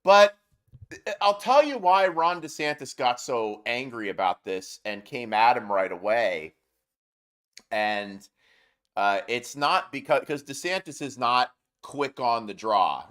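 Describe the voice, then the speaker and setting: A man's voice: mid-range voice, animated, takes it slowly, a bit bright. A man hosting a political commentary show, ranting in a heated, sarcastic way with mocking asides.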